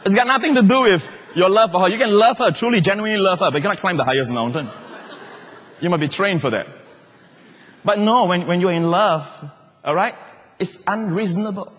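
A man's voice: sits high, brisk, slight background noise. Humorous man preaching in a hall. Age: middle-aged. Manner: animated, humorous preaching with laughter. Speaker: pastor. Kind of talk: sermon.

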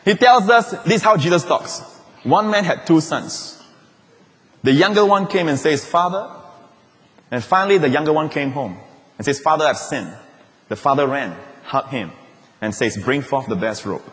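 Pastor preaching in a big hall. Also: male voice, a little high, moderate pace. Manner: animated preaching with playful asides and mimicry. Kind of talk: sermon. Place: large church auditorium. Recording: long reverb of a large hall.

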